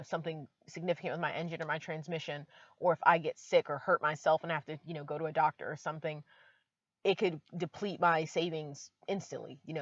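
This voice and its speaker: A woman's voice: on the low side, dry recording, muffled recording. A woman vlogging from inside her car, chatty and emotional, with many fillers. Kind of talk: casual vlog talk to camera.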